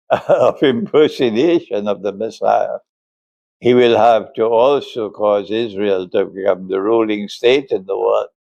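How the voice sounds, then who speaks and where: A man's voice: medium pitch, darkish tone, no echo. An older man, an Islamic scholar, giving an emphatic religious lecture and laughing often as he speaks.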